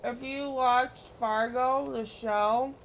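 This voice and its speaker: A woman streaming a game, chatting casually, giggling and teasing, breaking into loud mimicking bursts. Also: a little high, fairly even intonation, takes it slowly, slight background noise.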